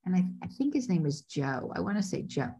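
A woman casting director telling stories in a podcast interview, lively and acting out the voices of people she quotes. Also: on the low side, fairly quick, husky. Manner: animated, acts out quoted voices.

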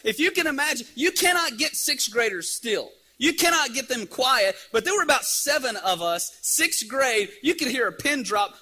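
A middle-aged man preaching a sermon, telling a lively story and acting out the scenes. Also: extremely high pitch, husky. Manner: animated storyteller, acts out scenes.

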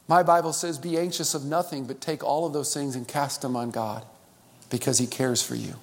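A man's voice: mid-range voice, fairly even intonation, moderate pace. Man preaching in a big reverberant hall. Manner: preaching with call-and-response, swinging between loud and hushed. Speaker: pastor. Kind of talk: sermon.

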